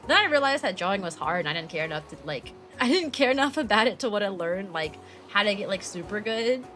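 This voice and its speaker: Bright, lively-voiced woman streamer chatting. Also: mid-range voice, fast, soft background music. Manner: chatty, heavy use of "like", laughs often. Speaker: VTuber streamer. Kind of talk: casual stream chat answering viewers.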